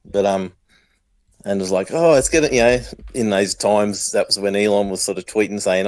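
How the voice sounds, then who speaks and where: A man's voice: fairly low pitch, normal speed, darkish tone, no room sound. A man with an Australian accent chatting casually as a caller, hesitant with many ums. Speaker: viewer calling in. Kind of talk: casual chat.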